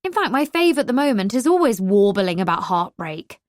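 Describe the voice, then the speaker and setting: A woman voicing a teasing, sharp-tongued young woman in an audiobook, deadpan and quick with comebacks. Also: mid-range voice, no room sound, clean studio sound, natural voice. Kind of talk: audiobook character voice.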